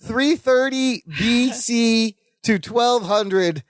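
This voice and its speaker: A man's voice: extremely high pitch, drawn-out words, no room sound, studio quality. A man co-hosting a podcast, chatting casually as he recaps a sitcom episode and playfully acts out the characters' lines. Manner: animated, acts out quoted lines in playful voices. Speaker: podcast co-host.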